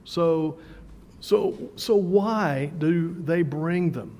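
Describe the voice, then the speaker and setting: A high-voiced pastor preaches in a relaxed, conversational style, frequently tripping over and repeating his words. He slows down to drive a point home, and a long church-hall reverb rings around his voice.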